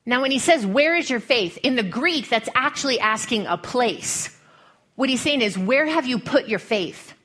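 A woman's voice: on the high side, expressive, moderate pace, a bit bright. A woman preacher with a Western American accent, giving a folksy, humorous sermon full of storytelling.

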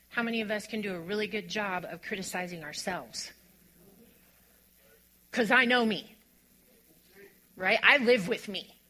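A woman preaching a sermon, reading scripture and explaining it, dropping to a hush and then building to emphatic high points. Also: rough recording. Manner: expressive, drops to a hush on quiet lines and rises to emphatic on strong ones.

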